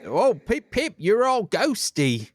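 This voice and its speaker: A man's voice: sits high, huge pitch swings, slow, big-room sound, voice pushed up, full character voice. A man putting on a mock English accent, playing a chirpy English bloke with exaggerated banter. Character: jolly cockney-ish English bloke.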